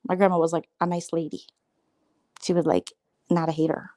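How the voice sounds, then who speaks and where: A woman's voice: little pitch movement, a little fast, pauses often, mellow, no echo. A woman hosting a casual late-night livestream, rambling and sarcastic, mocking others by mimicking them. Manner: gossipy, mocking, mimics others in high squeaky voices. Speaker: livestream host.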